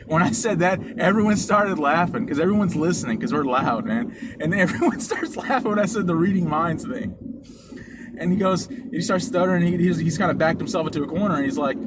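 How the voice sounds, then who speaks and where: A man's voice: a little high, a little fast. Profane young man telling a story. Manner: animated, profane, emphatic. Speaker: podcast co-host. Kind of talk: casual storytelling chat. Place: car during a delivery drive. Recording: loud road and ambient noise.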